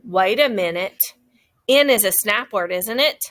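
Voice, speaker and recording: A woman teaching a phonics lesson to a class of young children, slowly stretching out the sounds of words. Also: mid-range voice, expressive, fairly bright tone.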